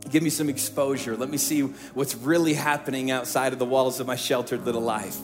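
A middle-aged male pastor preaching a sermon from a church stage, telling a story in hushed tones and rising into emphatic preaching. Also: medium pitch, steady tone, a little fast, faint music behind.

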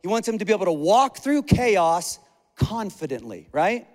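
High-voiced earnest male pastor in echoey hall. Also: very animated, normal speed, darkish tone. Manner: earnest, emphatic preaching with repeated phrases. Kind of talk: sermon.

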